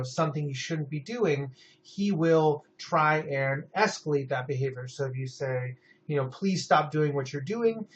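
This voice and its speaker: Male lecturer, 30s, casual classroom talk, filler-heavy, muffled lo-fi audio. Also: fairly high pitch. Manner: conversational, many fillers and "right?" tags. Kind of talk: psychology lecture.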